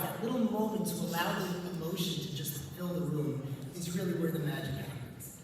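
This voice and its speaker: A man, a rabbi, giving a conference talk to a live audience and telling a story with gentle humor. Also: high voice, normal speed, background noise. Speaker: rabbi and speaker on couples. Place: large event hall. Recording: echoey hall, distant mic.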